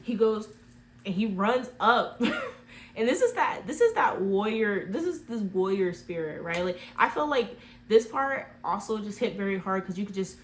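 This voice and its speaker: A woman's voice: medium pitch, lively intonation, moderate pace. Rambling chatty woman retelling a movie. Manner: rambling, heavy use of "like" fillers.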